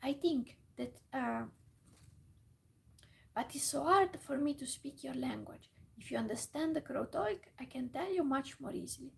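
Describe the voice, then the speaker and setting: A woman voicing a kindly, talkative male crow in a whispered role-play, eager and halting. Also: sits high, expressive, creaky, slight background noise, exaggerated voice.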